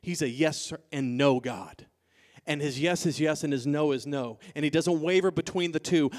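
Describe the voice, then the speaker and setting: A male pastor preaching a sermon, moving from quiet, soft passages to loud, emphatic declarations and calling out to the congregation. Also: on the high side, moderate pace. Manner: calls to the congregation.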